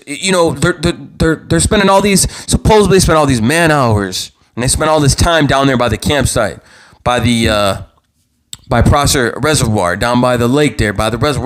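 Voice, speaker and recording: A young man hosting his own live show, giving impassioned commentary in a heated, worked-up voice, repeating himself and stumbling over restarts as he gets louder. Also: mid-range voice. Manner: heated, repetitive, stammering restarts, rising to near-yelling. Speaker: vlog host.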